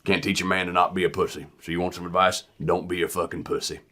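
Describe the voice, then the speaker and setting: A man co-hosting a podcast, telling profane, animated stories about his time in the military in a casual chat. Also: low voice, fast. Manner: profane, animated war storyteller. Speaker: podcast co-host.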